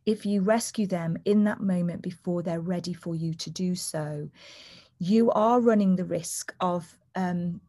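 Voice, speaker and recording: A woman's voice: fairly low pitch, a little slow, warm tone. A woman who works as a doula and author, speaking as a guest in a conversational interview, earnest and storytelling. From United Kingdom. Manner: earnest, acts out quoted voices while telling stories.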